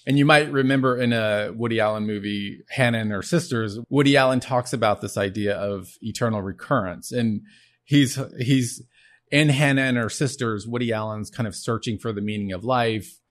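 A man's voice: mid-range voice, moderate pace. A man hosting his own show, explaining philosophy in an earnest solo talk, often repeating words as he gathers his thoughts. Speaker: show host.

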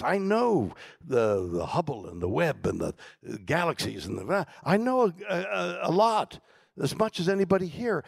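Older male keynote guest, gravelly and husky, slow and theatrical, with dramatic pauses and whispered asides. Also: a little high, no echo, clean studio sound. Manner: dramatic, halting delivery with hushed asides. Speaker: keynote guest in a stage conversation. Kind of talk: storytelling talk to a live audience. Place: conference stage.

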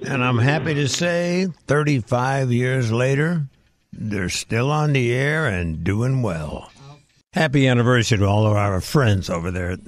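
A man's voice: mid-range voice, expressive, unhurried. A middle-aged man, a radio host, chatting casually and reminiscing with his co-host. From United States. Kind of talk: casual chat.

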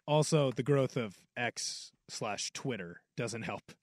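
Joking sports radio co-host dude, dry studio sound, middle voice. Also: male voice, mid-range voice, slow pace, no room sound. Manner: wry, joking asides. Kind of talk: sports talk radio chat.

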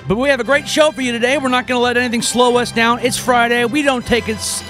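A man from Houston, Texas, hosting a radio show in a casual, energetic, joking style. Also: extremely high pitch, fast talker, soft background music. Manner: energetic, joking, self-deprecating.

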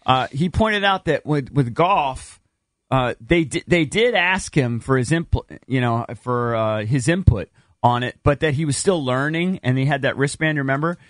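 A man's voice: mid-range voice, normal speed, dry recording, studio quality. A man chatting casually about football as a show host, talking over others. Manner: animated, talks over others. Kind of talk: casual sports chat.

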